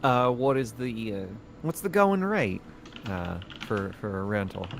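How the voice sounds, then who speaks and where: A man's voice: lowish voice, big pitch swings, unhurried, gravelly, a little hiss or hum. A man playing a tabletop game in character, speaking hesitantly with many fillers. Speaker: player.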